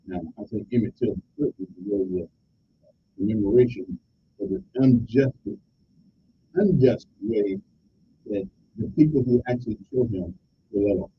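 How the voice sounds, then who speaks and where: A man's voice: moderate pace, pauses often. A middle-aged man, hosting a radio talk show in a joking, rambling monologue. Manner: joking, rambling, animated delivery. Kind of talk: casual call-in radio monologue. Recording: dull lo-fi radio sound with faint rumble.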